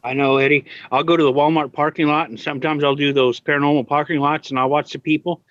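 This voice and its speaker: A man's voice: fairly high pitch, flat delivery, fast, a bit bright, no echo. A man chatting casually, rambling with many fillers as he tells a story. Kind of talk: casual chat. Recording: dry, dull lo-fi sound.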